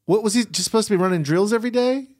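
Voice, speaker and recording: A young man co-hosting a podcast, trading quick, ironic jokes in casual chat. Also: high voice, no room sound, studio quality. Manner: jokey and animated, quick ironic quips. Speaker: podcast co-host. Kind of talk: casual chat recapping a reality show.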